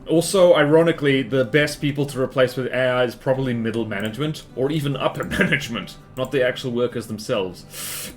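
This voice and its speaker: A man's voice: mid-range voice, fairly quick, soft background music. A man streaming a strategy game live, chatting with his viewers and reacting to the battles on screen as he rambles through his opinions.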